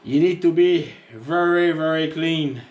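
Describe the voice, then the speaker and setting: Talking unhurriedly in a darkish, higher-range voice, a man with a French accent walks viewers through tractor upkeep. His vlog is chatty and meandering, full of self-deprecating jokes.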